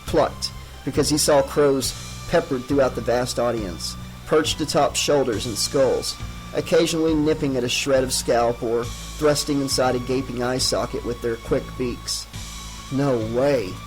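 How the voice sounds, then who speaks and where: A man narrates a horror audiobook at a measured pace. His voice sits in a middle range and stays dramatic but controlled. Faint music plays beneath the reading. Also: mid-range voice, rough recording.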